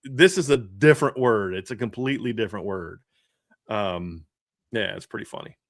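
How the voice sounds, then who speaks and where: A man's voice: fairly low pitch, lively intonation, moderate pace, no room sound, studio quality. A man from the American South chatting casually as a sports podcast co-host, rambling with frequent restarts. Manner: rambling, restarts, laughs often.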